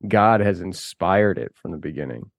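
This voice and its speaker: A man's voice: deep voice, animated, normal speed, gravelly, no room sound, studio quality. A man talking as a guest on a podcast, rambling and chatty, laughing often and restarting his sentences. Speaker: podcast host and filmmaker guest. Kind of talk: casual conversation.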